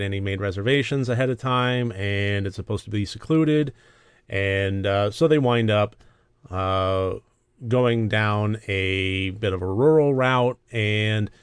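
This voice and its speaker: Man, film review host, casual rambling delivery, smooth low voice, dry close sound. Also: no room sound. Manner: rambling, many fillers, self-deprecating asides. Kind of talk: casual movie review monologue.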